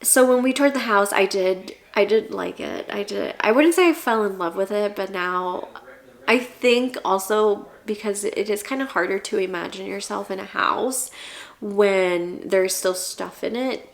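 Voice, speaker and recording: A woman's voice: medium pitch, a little slow, gravelly. A young woman talking to the camera in a casual home-buying vlog, earnest and rambling, at times tearful. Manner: earnest, rambling, restarts often. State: tearful, emotional. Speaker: vlogger.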